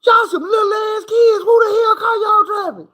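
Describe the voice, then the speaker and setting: A man voicing an alarmed stranger who shouts at some reckless kids in a shrill, disbelieving way. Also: flat delivery, a little fast.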